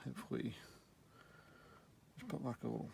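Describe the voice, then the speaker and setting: Middle-aged Southern man, heavy vocal fry, laid-back workshop instructor, faint noise. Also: medium pitch, unhurried. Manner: relaxed, rambling, talks while working. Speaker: guitar repair instructor. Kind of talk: casual how-to demonstration.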